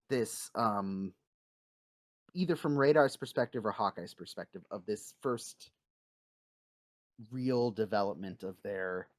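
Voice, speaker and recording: A man's voice: lowish voice, no echo, clean studio sound. A man co-hosting a casual podcast, retelling scenes animatedly with many "like"s. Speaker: podcast co-host; scout leader. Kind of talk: casual chat.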